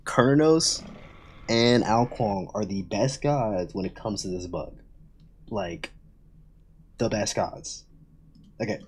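A young man talks loosely over his gameplay in a lowish voice, rambling with loose fillers, laughing at himself and swearing. Faint keyboard clicks and typing sit behind him. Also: slow, long pauses, a little mellow, slight background noise. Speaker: gaming video host. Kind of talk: casual gameplay commentary.

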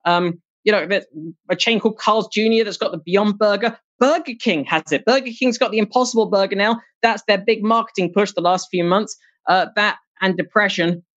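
A stand-up comedian performing a set over a video call from home, animated, slipping into mocking put-on voices and laughing at their own jokes. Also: mid-range voice, brisk. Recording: dull lo-fi call audio.

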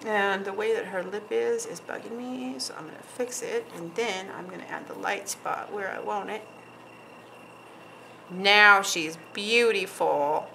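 A woman's voice: medium pitch, unhurried, vocal fry, sharp tone, slight background noise, rough recording. A woman hosting a nail art tutorial, chatting casually and giggling as she paints, often trailing off mid-sentence while she concentrates. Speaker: nail artist, channel host.

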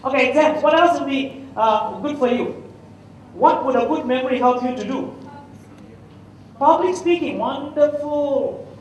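A man's voice: extremely high pitch, a little slow, pauses often, a little hiss or hum. A middle-aged man with a Malaysian English accent giving a humorous public talk, telling anecdotes and quizzing his audience. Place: large hall at a festival. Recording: echoey hall, mic at a distance.

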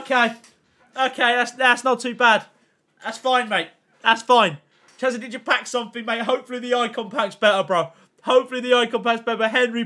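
On a gaming livestream, a young man chats casually with his viewers in an excitable, slangy way, thanking chat nonstop and reacting loudly as he opens packs. His pitch is extremely high.

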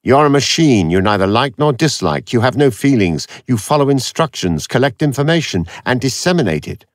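A man's voice: mid-range voice, sing-song, fairly quick, dry recording, voice pushed up, natural voice. A man voicing a cold, sardonic computer expert with a dry, cutting, detached manner.

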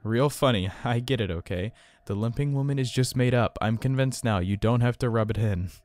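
Blunt young woman friend in a horror storybook, read by a man, loud and forceful. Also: medium pitch, normal speed, natural voice. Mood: scoffing.

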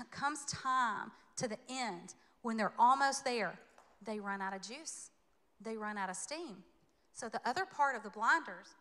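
Bright-voiced woman preaching in a reverberant church. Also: on the high side. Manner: animated, conversational, playful asides. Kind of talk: sermon. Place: church sanctuary. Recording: long hall reverb.

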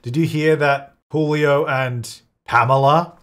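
A young man chats while playing a life-sim game, laughing often and slipping into brief, silly put-on voices for the characters. His voice is a little high with a fairly bright tone, fairly even intonation, and a slow pace.

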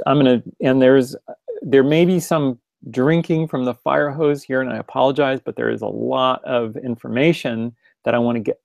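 A man's voice: medium pitch, creaky, a little mellow, no room sound. A man presenting a webinar in a casual, rambling way, full of restarts and direct questions to his listeners. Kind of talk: casual spoken webinar lecture.

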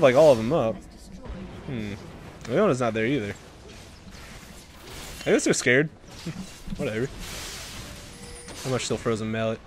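Brief: young male gamer, commentating his own match, pitch jumps all over, faint music behind. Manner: excitable, swearing, shouting bursts. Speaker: gaming commentator. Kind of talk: live gameplay commentary.

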